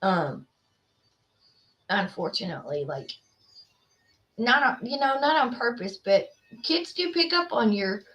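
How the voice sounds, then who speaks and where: Bright-voiced woman chatting casually. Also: on the high side, very animated, measured pace, long pauses. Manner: chatty, rambling, many fillers. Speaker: livestream host. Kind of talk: casual chat with live viewers.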